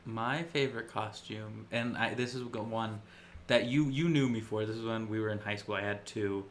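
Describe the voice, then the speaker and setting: A man's voice: fairly low pitch, fairly even intonation, normal speed, slight background noise. A man co-hosting a podcast in casual chat, rambling and jokey, mocking himself with a grin. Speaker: podcast co-host.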